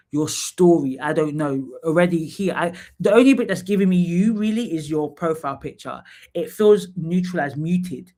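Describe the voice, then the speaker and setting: A man hosts a casual live stream reviewing profiles, speaking directly to his viewers and giving frank feedback. His voice sits a touch higher than most men's. He's chatty and candid, calls viewers by name, and drops into sung snatches and playful asides.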